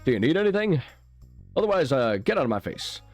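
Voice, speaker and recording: A man's voice: on the high side, sing-song, a little fast, soft background music, voice pushed up. A man voicing a rude, distracted male scientist in a farming game, brusque and hesitating with "uh"s. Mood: grumpy.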